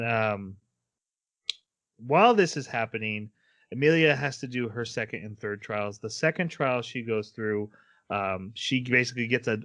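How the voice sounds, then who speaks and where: A man's voice: medium pitch, a bit bright. A man co-hosting a podcast, casually retelling an anime plot with lots of fillers and small laughs. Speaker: podcast co-host. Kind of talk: casual anime recap chat.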